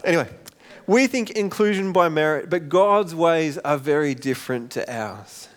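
A man's voice: a little high, moderate pace. A middle-aged man, preaching a sermon in a conversational way and acting out the quotes. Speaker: pastor.

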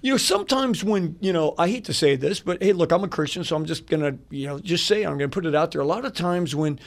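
A man, a pastor and radio guest, telling a story in a rambling, animated way with lots of fillers and quick laughs, in a radio studio. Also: on the high side, gravelly. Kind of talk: casual storytelling.

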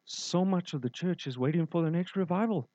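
A male pastor delivers a sermon in a fairly high voice, stacking his points in short, punchy, repeated phrases. The sound is dry and a little dull. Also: fairly quick, warm tone, no echo.

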